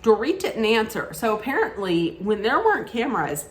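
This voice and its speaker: A woman's voice: fairly high pitch, big pitch swings, normal speed, echoey room. A woman giving an opinionated, casual recap rant about a reality show, often restarting her sentences. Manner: opinionated, frequent restarts and asides.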